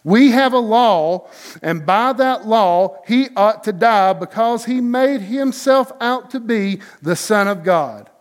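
An accusing crowd pressing its demand, read by a man. The voice is raised and fairly high, pushing each phrase with insistence. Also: expressive, slow pace.

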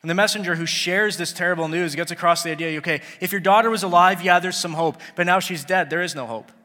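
A man preaches in an earnest, chatty way, slipping into the voices of the people in his story. His tone is forceful and a little high for a man. The sound rings out in a long hall echo. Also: fast. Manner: earnest, conversational, acts out biblical characters. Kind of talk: sermon.

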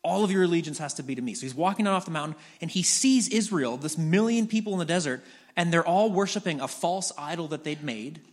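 A man's voice: expressive, fast talker. A man preaching a sermon as a pastor, retelling scripture in a conversational storytelling way with frequent restarts. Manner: drops to soft low voice in prayer.

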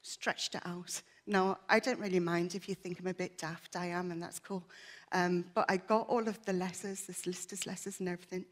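A woman's voice: lowish voice, flat delivery, a little fast. A woman giving a personal testimony to a church congregation, candid, chatty and self-deprecating, earnest and emotional.

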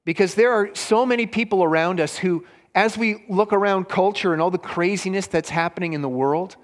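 A man's voice: high voice, a little fast. A man preaching a sermon, retelling a story simply for children, with his voice rising for the quoted lines. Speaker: pastor. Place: church hall. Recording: long hall reverb.

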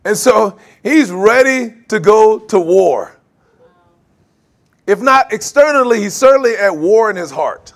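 A man preaching a sermon, animated, laughing often and acting out quoted voices. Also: high-pitched, unhurried. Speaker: pastor.

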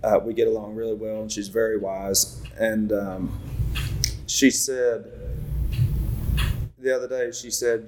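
A young man leading a Bible study in a relaxed, rambling way, often stopping to correct himself. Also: on the low side, a little slow, pauses often, slight background noise. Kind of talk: casual Bible teaching.

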